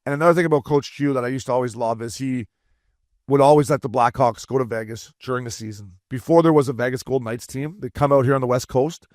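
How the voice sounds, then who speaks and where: A man co-hosting a casual hockey podcast as a former player, swearing freely and breaking into animated impressions. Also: medium pitch, fast talker, dry recording, clean studio sound.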